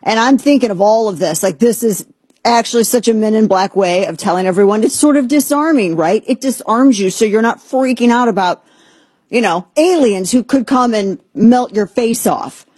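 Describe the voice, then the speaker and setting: Brief: woman host, husky and animated, sarcastic commentary, dry close mic. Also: a little high, normal speed, dry recording. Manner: animated, sarcastic, often putting on an excited squeal. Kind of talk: casual political commentary.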